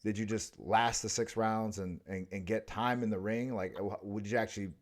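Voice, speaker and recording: A man with a fairly low voice hosting a casual interview. He coaches boxing and makes his points emphatically, firing pointed questions with a bit of casual swearing. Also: steady tone, moderate pace. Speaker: boxing coach, show host.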